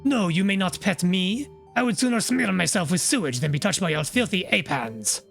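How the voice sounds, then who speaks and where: A snooty female cat with an exaggerated mock French accent sneers down at everyone, as a man puts her on. The voice sits high and drips with contempt for a game character. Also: expressive, moderate pace, creaky, fairly bright tone, soft background music, full character voice. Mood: disdainful. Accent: mock French by way of Monty Python.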